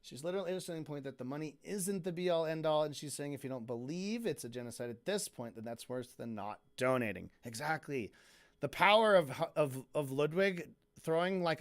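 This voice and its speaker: A man giving sarcastic, profane commentary as a streamer reacting to a video, with lots of halting restarts. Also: high voice, a bit bright. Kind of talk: casual commentary.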